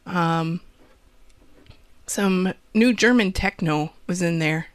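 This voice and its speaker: A woman's voice: on the low side, takes it slowly, dry recording. A woman with a Wisconsin accent hosting a college radio show, rambling and joking about herself between songs. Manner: rambling, jokey, self-deprecating. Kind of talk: casual radio DJ chat.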